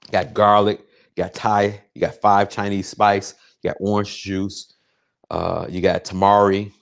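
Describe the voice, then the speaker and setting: A man hosting a casual cooking livestream, excitable and crude, joking and chatting straight to his viewers. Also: on the low side, a little slow, gravelly. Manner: excitable, crude, jokey, chats directly to viewers. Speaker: home cook hosting a cooking show.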